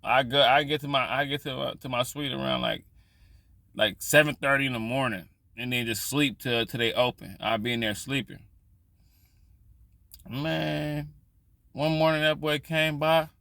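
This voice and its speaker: A man's voice: medium pitch, normal speed, vocal fry, bright, forceful tone, no echo. A man vlogging in casual storytelling style, loose and profane, rambling with frequent restarts.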